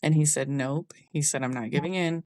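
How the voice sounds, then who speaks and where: A young woman hosting a podcast speaks a little fast in a low, slightly mellow voice. She shares a personal story frankly and casually, with a Southern "y'all," over a dry recording.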